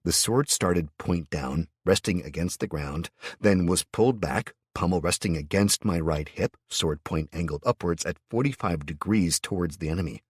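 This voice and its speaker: A man narrating a fantasy audiobook in the first person, in a steady storytelling manner. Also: low voice, normal speed, husky, no room sound, studio quality.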